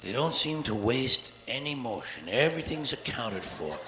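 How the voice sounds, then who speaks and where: Recorded from the soundboard at a live theater, this comedian in his forties does crude, sarcastic stand-up, voicing cats along the way. Medium in pitch with big swings, he talks at normal speed in a bright, forceful tone; the audio is reverberant with a little hiss or hum.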